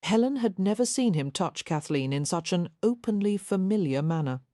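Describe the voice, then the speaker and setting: A woman narrating a historical romance audiobook in an even, measured reading. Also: fairly low pitch, no echo, clean studio sound. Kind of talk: scripted narration.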